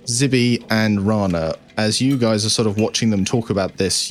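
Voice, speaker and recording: A man's voice: fairly low pitch, normal speed, hardly any pauses, soft background music. A man narrating as game master, rambling and correcting himself.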